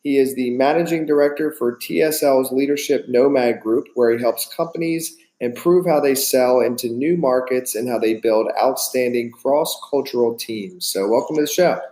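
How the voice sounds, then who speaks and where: A man's voice: medium pitch, moderate pace, hardly any pauses, mellow, roomy sound, rough recording. A man hosting a business podcast, welcoming his guest and asking set questions in an upbeat, casual way. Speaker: podcast host. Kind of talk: casual interview.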